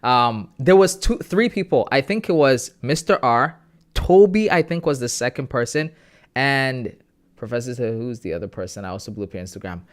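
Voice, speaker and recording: An excited young man hosts a casual livestream and chats straight to his viewers. He greets people by name and talks about his day in a loose, chatty way. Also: mid-range voice, moderate pace. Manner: excited, reads out chat messages and greets viewers. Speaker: trading livestream host.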